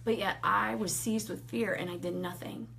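A woman in her thirties sharing a personal faith testimony in casual conversation, animated, acting out quotes and laughing often. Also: mid-range voice, moderate pace, gravelly, a little hiss or hum.

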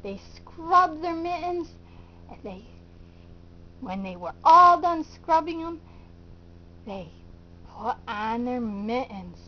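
A woman storyteller reading to preschoolers at a very slow, deliberate pace, her voice high and sing-song. She keeps inviting the little listeners to join in. The recording is muffled and lo-fi. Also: lively intonation. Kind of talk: preschool felt-board storytelling. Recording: dull lo-fi recording.

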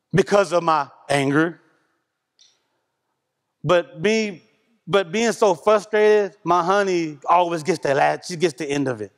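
A man giving a candid, animated testimony at a church service, a self-described loud talker. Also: on the high side. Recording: reverberant church hall.

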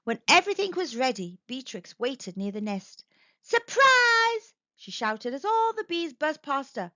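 A woman reading a children's picture book aloud, gentle and expressive. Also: high voice, moderate pace, no echo. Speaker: storyteller. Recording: dull dry recording.

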